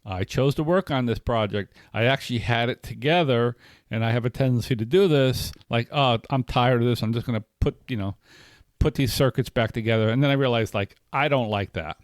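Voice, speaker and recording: A man's voice: mid-range voice, fairly quick, no room sound. A middle-aged man talking candidly in a casual podcast conversation, telling personal stories with many fillers and restarts. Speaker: podcast co-host.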